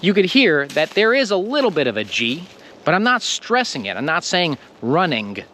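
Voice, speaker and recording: A man with an American accent teaching English pronunciation, speaking slowly and emphatically and stressing the ends of words. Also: high voice, a little hiss or hum. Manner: slow, emphatic, lively delivery with stressed word endings. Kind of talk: scripted lesson to camera.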